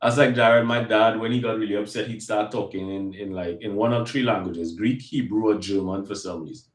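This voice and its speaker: A man in a casual group Bible discussion, easygoing, adding quick asides and jokes. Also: lowish voice, fairly even intonation. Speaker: discussion panelist. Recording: echoey room sound.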